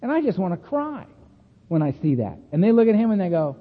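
At a recovery meeting, a fast-talking, high-voiced man shares a story with lively, chatty energy, frequently laughing between lines. His audio is tinny and thin, phone-like, and echoes at length in the hall.

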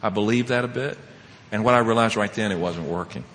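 A man sharing his personal recovery story as a speaker at a meeting, animated and laughing often, swinging between loud and hushed. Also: on the low side, brisk, long reverb tail, slight background noise.

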